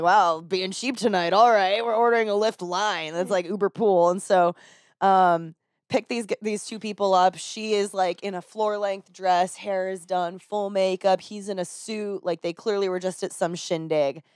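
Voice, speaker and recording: A woman telling a story in a casual podcast chat, animated and swearing casually, slipping into other people's voices with a higher pitch. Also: moderate pace, no room sound, studio quality. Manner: animated, acts out people in her stories with raised pitch. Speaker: podcast talker and rideshare driver. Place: podcast studio.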